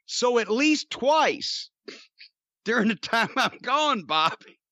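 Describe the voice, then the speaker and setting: A man's voice: very high voice, takes it slowly, no room sound, pitched above the performer's own voice, exaggerated voice. A man voicing an older male wrestler who gives insistent, repetitive orders with a straight face. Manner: insistent, repetitive, deadpan-serious.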